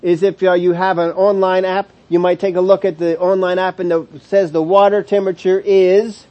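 Emphatic male Bible teacher, slow stresses. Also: high voice, little pitch movement, a little mellow, highs cut off. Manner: explanatory, emphatic, with slow drawn-out stresses on key words and frequent restarts; chuckles between points. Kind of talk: sermon teaching.

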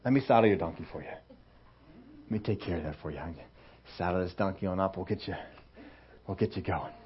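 A preacher puts on a mild old prophet who murmurs low and gently, eager to please. The recording sounds dull and lo-fi. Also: male voice, a little fast, close to an everyday voice. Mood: obliging. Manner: soft, accommodating, chatty. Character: calm, easygoing old male prophet.

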